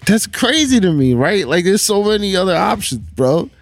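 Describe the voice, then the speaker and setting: A man's voice: high-pitched, sing-song, dry recording, faint music behind. A man co-hosting a podcast, chatting casually and laughing a lot. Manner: joking, quick to laugh. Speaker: podcast co-host. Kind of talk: casual chat. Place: parked car in the rain.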